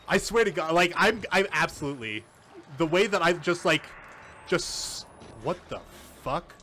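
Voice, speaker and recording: A man streaming a game, commenting live, swearing often and breaking into panicked yells and laughter at a computer. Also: on the high side, a little hiss or hum. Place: at a computer, keyboard and mouse.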